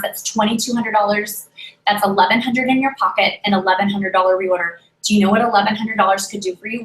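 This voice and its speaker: A woman coaching her sales team in a lively pep talk, repeating her key points and checking in with "okay?" after each one. Her voice sits at an ordinary middle pitch, and the room around her rings with echo. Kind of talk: motivational team training. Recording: echoey room.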